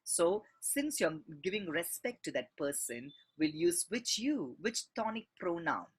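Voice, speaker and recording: A man's voice: on the high side, big pitch swings, unhurried, husky. Patient male French teacher. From India. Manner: patient, spells out words letter by letter. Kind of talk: textbook exercise walkthrough.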